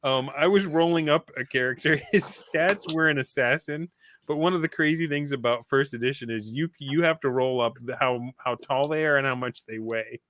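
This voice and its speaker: An animated man recounts a tabletop game session in loose, casual chat. He laughs often and acts out what people said. His voice is bright and forceful at an average pitch. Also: normal speed, a little hiss or hum. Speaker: podcast guest, former game player.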